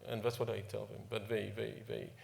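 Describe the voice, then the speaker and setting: Gravelly-voiced man. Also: on the low side, little pitch movement, fairly quick, a little mellow. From Ivory Coast. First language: French. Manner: emotional, self-deprecating humor, frequent restarts and repeated words. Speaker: company chief executive giving an award speech. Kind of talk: informal speech at an awards ceremony.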